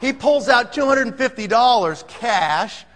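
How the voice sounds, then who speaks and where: A man telling a story to an audience, animated and acting out the scene. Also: very high voice, unhurried. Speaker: speaker telling a sales story. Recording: long hall reverb.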